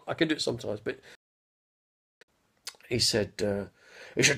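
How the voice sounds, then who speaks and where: A man in his fifties telling rambling stories on a live stream, speaking slowly with a slight stutter and often losing his train of thought. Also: mid-range voice, big pitch swings, fairly bright tone. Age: 50s. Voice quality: gravelly, husky. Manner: slow, halting, loses his train of thought. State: mild stutter after head injury. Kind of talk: rambling casual storytelling.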